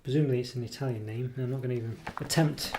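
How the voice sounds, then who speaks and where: A man's voice: mid-range voice, very fast, a little mellow, a little hiss or hum. A man casually reviewing a chocolate product. He rambles and hesitates, full of ums and self-corrections, and pokes fun at himself. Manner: self-deprecating.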